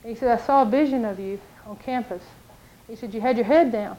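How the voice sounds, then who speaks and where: A woman's voice: a little high, brisk, muffled recording. A woman preaching a sermon, telling stories and acting out what people said. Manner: animated storytelling, acts out quotes.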